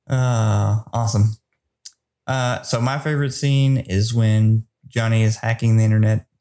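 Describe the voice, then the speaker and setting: A man hosting a casual movie review podcast, leading segments in a relaxed, steady way. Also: fairly low pitch, measured pace. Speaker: podcast host.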